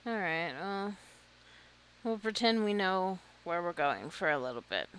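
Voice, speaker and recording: Female streamer, self-deprecating gameplay chatter, lively pitch that jumps around. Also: a little slow, slight background noise. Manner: self-deprecating, muttering to herself, nervous laughter. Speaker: gaming streamer. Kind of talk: casual gameplay commentary.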